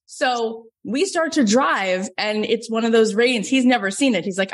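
A woman in her forties from Florida, a business coach telling personal stories in a lively podcast talk. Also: normal speed, hardly any pauses, breathy edge. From Florida, USA. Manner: lively storytelling, jumps up in pitch for quoted dialogue.

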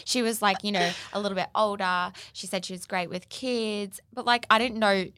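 A woman's voice: medium pitch, steady tone, normal speed, a bit bright, dry recording. A woman in casual chat who chimes in with pointed, matter-of-fact details. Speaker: friend or assistant of the host.

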